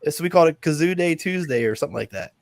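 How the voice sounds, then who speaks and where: A man hosting a live stream, telling stories in an animated way with lots of laughter. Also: on the high side, rapid-fire, gravelly, no room sound. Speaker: host. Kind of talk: casual chat on a live stream.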